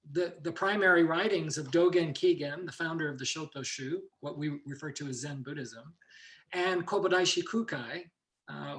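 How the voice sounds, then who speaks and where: A man's voice: a little high, a bit bright. A man teaching ki and meditation in an informal online lecture, talking loosely with digressions and restarts. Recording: echoey room.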